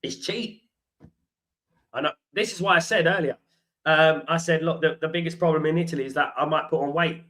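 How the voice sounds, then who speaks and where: A man hosts a football watchalong stream, rambling through stories and calling his viewers guys and mate. His voice is bright and sits slightly high, with a loose, casual chat style. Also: brisk, low-quality recording. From London. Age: 40s. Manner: chatty storytelling, addresses viewers as guys and mate. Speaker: host of a football fan watchalong.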